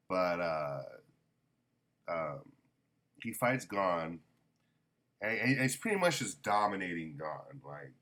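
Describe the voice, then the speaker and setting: A man's voice: deep voice, a bit bright. A man casually reviewing a manga volume, rambling with many ums and self-corrections.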